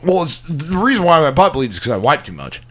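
A man co-hosting a podcast, bantering crudely with loud, profane outbursts. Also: a little high, sing-song, fast. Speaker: podcast co-host.

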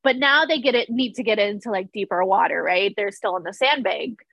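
A woman's voice: medium pitch, brisk, gravelly, dry recording, highs cut off. A young woman recapping a TV episode in casual chat, laughing often and saying "like" a lot. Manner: chatty, laughs often, fillers like "like". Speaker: podcast co-host recapping a TV episode.

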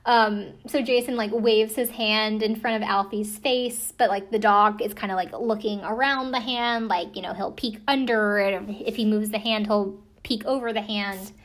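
A woman's voice: mid-range voice, fairly even intonation, moderate pace, hardly any pauses. Young American woman, casual skeptical recap, dry sarcasm, chatty fillers. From United States. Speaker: commentator recapping a ghost-hunting show. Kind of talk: casual chat.

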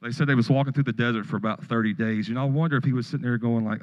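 A man's voice: mid-range voice, fairly even intonation, racing, few pauses, darkish tone, muffled recording. A middle-aged man pastor preaching a sermon, telling stories and joking with the congregation in a church. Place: church sanctuary.

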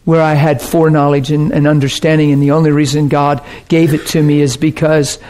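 A male preacher delivering a sermon in a conversational, earnest tone. His voice sits a little high for a man, and he keeps turning to the crowd to ask if they follow. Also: level tone, a little fast, darkish tone. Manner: earnest, conversational, often checks in with the audience.

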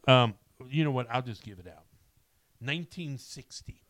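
A man's voice: medium pitch, moderate pace, a bit bright, slight background noise. A middle-aged man hosting a casual movie chat, rambling with many ums and restarts. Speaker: podcast host.

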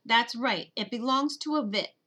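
Audiobook role: a woman playing a commanding big brother, irritable and bright-voiced. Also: a little high, moderate pace. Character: boy, bossy older brother. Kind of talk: audiobook character voice.

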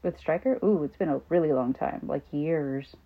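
A woman co-hosting a casual podcast, telling animated stories and acting out her child's lines. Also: low-pitched, moderate pace. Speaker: podcast co-host. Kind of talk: casual storytelling. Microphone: phone. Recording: phone-like narrow sound.

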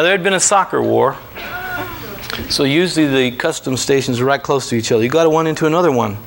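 Male storyteller, lively and laughing, slightly raised voice, comic road-trip yarn. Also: fairly high pitch, noisy background. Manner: animated, laughing asides, acts out voices. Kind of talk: comic travel anecdote told live.

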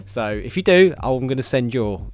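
A man's voice: mid-range voice, moderate pace, soft background music. Swearing man ranting on a podcast. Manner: swears heavily, rambling and animated. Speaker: podcast host. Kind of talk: casual solo podcast chat.

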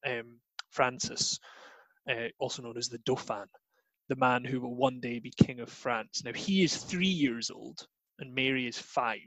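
A Scottish man explains history in a chatty, relaxed way. He hedges a lot and fills pauses with "um". His voice sits mid pitch, and the recording is dry. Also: no echo, rough recording. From Scotland. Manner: chatty, many hedges and fillers. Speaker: guest teacher.

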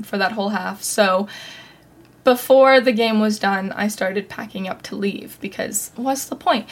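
A young adult woman hosting a podcast, telling a personal story in a chatty, casual way with lots of fillers. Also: medium pitch. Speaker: podcast host.

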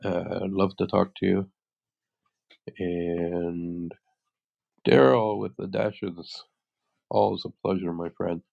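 A deep, heavily gravelly man with a stuffy nose from a cold, hosting a casual live chat room. He talks slowly and unhurriedly. The recording sounds dull and lo-fi. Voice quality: congested. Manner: relaxed, rambling host patter.

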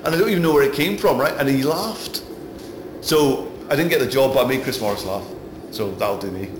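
A middle-aged Glaswegian man, an actor being interviewed, rambling through anecdotes that grow animated. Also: medium pitch, fairly quick, background noise. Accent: Glaswegian Scottish. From Scotland. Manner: rambling anecdotes, gets animated telling stories. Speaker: actor guest. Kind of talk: casual interview chat. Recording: roomy echo, music behind.

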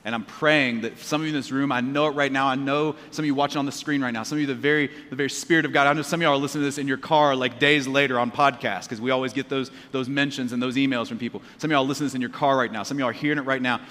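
Bright-voiced man preaching call-and-response. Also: mid-range voice, fairly even intonation, rapid-fire, few pauses. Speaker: pastor. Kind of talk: sermon. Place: church auditorium. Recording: live hall with reverb.

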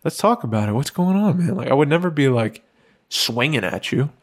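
A man talking casually on a podcast, earnest and reassuring, swearing casually and slowing down to stress his points. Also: medium pitch, sing-song. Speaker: podcast co-host.

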